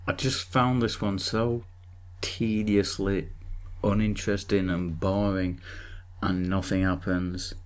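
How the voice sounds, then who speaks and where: Deadpan guy grumbling on a podcast, kinda low voice. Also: slow. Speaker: podcast co-host. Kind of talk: casual chat.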